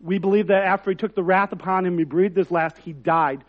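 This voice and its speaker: A man's voice: sits high, fairly even intonation, fairly quick, narrow, tinny audio. A man preaching a sermon in a conversational, self-deprecating way that rises to emphatic points. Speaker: pastor.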